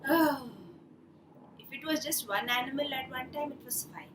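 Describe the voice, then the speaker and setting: A woman telling a children's story and leading a craft class, in an animated, playful way, putting on animal sounds. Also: high voice, normal speed, a little hiss or hum. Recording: echoey room.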